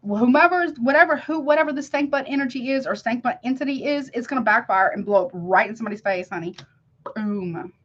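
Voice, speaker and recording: A woman's voice: on the high side, brisk, highs cut off. A woman giving a casual tarot reading, emphatic and slangy, who keeps checking "you see what I'm saying?". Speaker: tarot reader.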